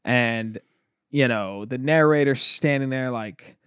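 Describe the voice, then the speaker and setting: A man's voice: medium pitch, slow, clean tone, no echo. Man telling stories animatedly, dry close sound. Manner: animated storyteller, acts out quotes. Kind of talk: casual chat.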